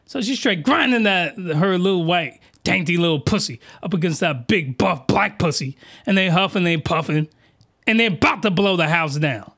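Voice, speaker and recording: A man's voice: a little high, moderate pace, fairly bright tone. A man hosting a comedic review podcast, rambling and jokey, often cutting himself off mid-sentence. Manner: rambling, self-interrupting, jokey. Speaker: podcast host reviewing comics. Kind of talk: crude comedic review monologue.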